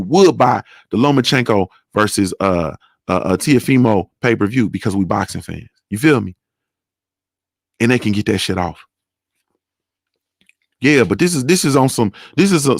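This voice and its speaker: A man from Ohio hosting a casual boxing talk stream, with loose, repetitive, slangy delivery and shout-outs. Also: medium pitch, gravelly, dry recording, clean studio sound. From Ohio, USA. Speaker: boxing show host.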